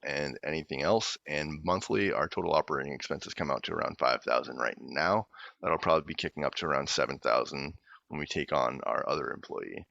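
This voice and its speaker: A man with a very low, bright-edged voice walks through his business costs in a plain, businesslike way. His voice comes through dry and slightly dull, as on a video call. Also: creaky, dry recording. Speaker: guest presenter. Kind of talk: presentation over a video call.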